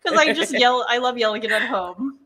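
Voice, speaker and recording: Enthusiastic woman chatting, slightly high voice. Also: fairly quick, over a noisy crowd. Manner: enthusiastic, laughs often. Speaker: podcast co-host. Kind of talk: casual chat.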